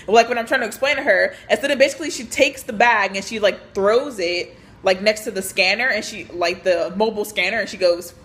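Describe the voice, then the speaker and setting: A woman's voice: medium pitch, fast talker. A young woman, chatting casually as she tells a storytime about work, full of fillers and acted-out dialogue. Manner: chatty, animated, lots of fillers and quoted dialogue. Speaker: vlogger telling a work story.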